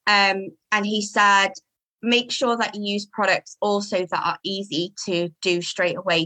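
A woman's voice: lowish voice, rough recording. A woman, a dog groomer, chatting in an interview and acting out what her customers say. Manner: chatty, animated, acts out customers' voices. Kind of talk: casual interview chat.

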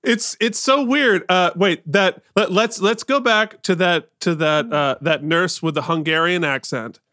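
A man's voice: high voice, measured pace, sharp tone, no room sound, studio quality. A man co-hosting an improv comedy podcast, playful and prone to stammering. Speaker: podcast co-host.

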